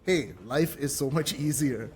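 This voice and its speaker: A man's voice: mid-range voice, measured pace, darkish tone. A man hosting a podcast interview, enthusiastically affirming his guest and ending points with a questioning "right?". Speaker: podcast host. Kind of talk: casual interview chat.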